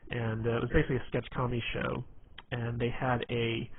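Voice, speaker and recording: A man's voice: medium pitch, completely flat delivery, brisk, creaky, breathy edge. A man giving a casual spoken presentation on humor, rambling with lots of fillers and restarts. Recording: tinny phone-like lo-fi sound.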